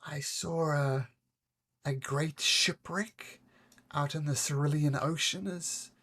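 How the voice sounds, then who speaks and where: A woman voicing a shaken, gentle seer. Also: low-pitched, fairly even intonation, slow pace, husky, pitched above the performer's own voice, full character voice. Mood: worried tenderness. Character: troubled female seer, distraught then gentle.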